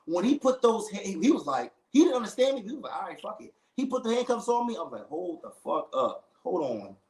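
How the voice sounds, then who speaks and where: A man telling a long story in casual chat, animated, full of slang, acting out the other people in it. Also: sits high, fast, echoey room, rough recording.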